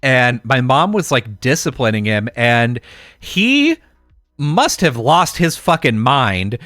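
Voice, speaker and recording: A man's voice: mid-range voice, big pitch swings, slow pace, fairly bright tone, no echo, studio quality, faint music behind. A man co-hosting a podcast, telling a family story in casual, rambling chat full of fillers. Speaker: podcast co-host.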